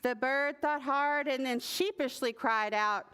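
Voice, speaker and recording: A woman librarian reading a picture book aloud at a preschool story time, animated and sing-song, with playful animal noises. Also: high voice, measured pace, few pauses. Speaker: children's librarian.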